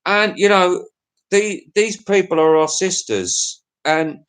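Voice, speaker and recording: A man's voice: sits high, slow, a bit bright, clear, resonant tone. A middle-aged man with an English accent, rambling crudely through a casual livestream chat with his viewers. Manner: rambling, crude, chuckling to himself. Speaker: livestream host.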